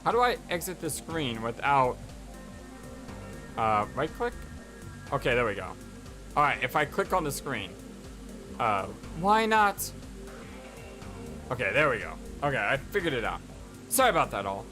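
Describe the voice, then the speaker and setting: Excitable man reading a visual novel aloud. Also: mid-range voice, moderate pace, long pauses, soft background music. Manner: excitable, stammering, animated. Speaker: let's play host.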